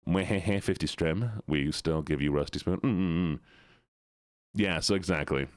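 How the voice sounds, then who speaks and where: A man streaming games, chatting casually with viewers in a put-on Southern drawl, playful and quick to repeat himself. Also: low-pitched, dry recording, clean studio sound. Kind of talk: casual live-stream chat.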